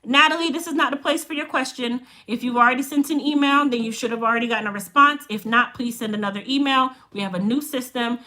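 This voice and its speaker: Woman, business owner, high voice, Chicago accent with Jamaican touches, blunt, animated live-stream storyteller. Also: fast, few pauses. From Chicago, United States. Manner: blunt, straight-talking, animated. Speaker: hair care business owner.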